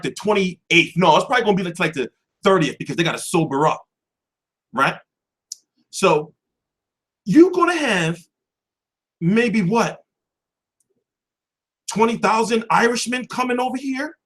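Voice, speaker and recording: Profane guy ranting on his boxing stream, higher voice jumping all over. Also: a bit bright. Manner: loose, profane, rhetorical questions. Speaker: boxing show host. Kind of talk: casual livestream commentary.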